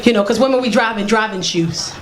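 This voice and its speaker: A woman's voice: on the high side, fast talker, noisy background. A woman doing a stand-up comedy set on stage, telling brash, bawdy stories and acting out voices. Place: comedy stage before a live audience. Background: audience laughter.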